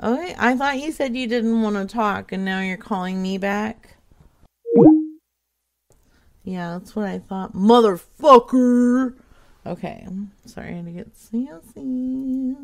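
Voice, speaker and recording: A woman's voice: mid-range voice, unhurried, creaky. A woman hosting a live prank call show, sassy and mock-aggressive.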